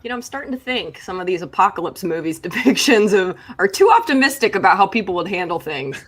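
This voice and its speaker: A woman's voice: mid-range voice, sing-song, quick pace. A woman co-hosting a podcast in playful, sarcastic casual chat over a video call. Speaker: podcast co-host.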